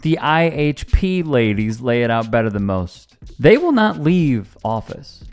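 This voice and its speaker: A man hosting a news commentary show, linking clips with measured narration. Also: medium pitch, very animated, smooth, soft background music. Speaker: host.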